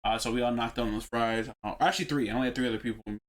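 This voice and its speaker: A man's voice: mid-range voice, steady tone, very fast, a little hiss or hum. A man co-hosting a podcast, telling a story in a casual chat, slangy and profane. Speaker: podcast co-host.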